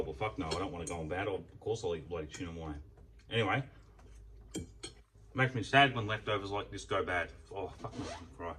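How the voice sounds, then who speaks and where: A man's voice: medium pitch, sharp tone, distant mic, slight background noise, low-quality recording. A man chatting casually about food as he eats, rambling and swearing freely. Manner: rambling, swears freely, talks while eating. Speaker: food vlogger. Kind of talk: casual mealtime chat.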